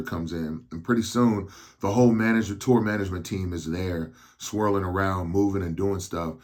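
A man in his thirties with a very low, husky voice recounts a personal story on his podcast. He speaks slowly and haltingly, with many restarts, because he is on medication. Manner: slow, halting delivery with restarts. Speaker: podcast host.

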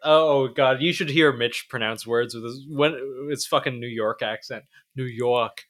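A man's voice: medium pitch, normal speed, a bit bright. A man co-hosting a podcast, joking and teasing in casual chat. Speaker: podcast co-host.

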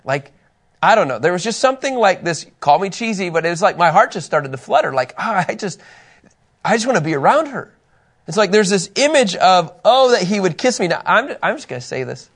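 Man, middle-aged, fairly high voice, animated, chatty Bible teacher, self-deprecating humor. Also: quick pace. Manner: animated, chatty, often laughing at himself. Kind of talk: casual teaching with personal stories.

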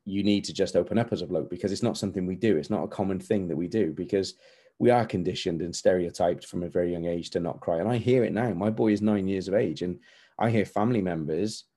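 Deep, mellow-voiced man in his forties. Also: quick pace, breathy edge. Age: 40s. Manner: earnest, candid, repetitive emphasis. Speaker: podcast host. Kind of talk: motivational podcast monologue.

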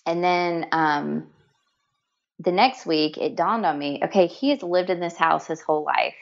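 Earnest lowish-voiced woman telling stories. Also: unhurried, gravelly, highs cut off. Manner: earnest, emotional, many restarts and fillers. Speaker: guest. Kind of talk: storytelling in conversation.

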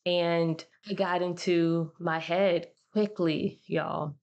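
A woman's voice: on the low side, fairly even intonation, takes it slowly, darkish tone, lo-fi sound. A woman hosting her own podcast, talking to listeners in a casual, slangy way. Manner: slangy, chatty, addresses listeners as y'all. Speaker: podcast host. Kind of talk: casual solo podcast monologue.

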